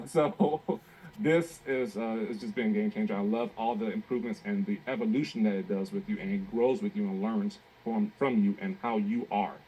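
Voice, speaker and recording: A man giving a relaxed, casual testimonial as a guest. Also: on the low side, moderate pace, breathy edge, low-quality recording.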